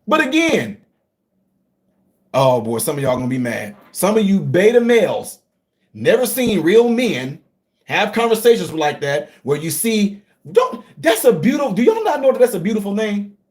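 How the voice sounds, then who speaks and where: Talking straight to his viewers on a casual livestream, a middle-aged host speaks at a normal speed in a voice that's high for a man. Quiet, low asides give way to loud, excited outbursts.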